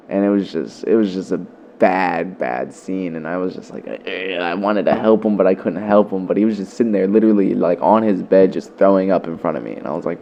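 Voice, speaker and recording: A man's voice: low-pitched, dark tone, highs cut off, slight background noise. A young man vlogger telling a story in a loose, profane way, full of fillers. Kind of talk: casual storytelling.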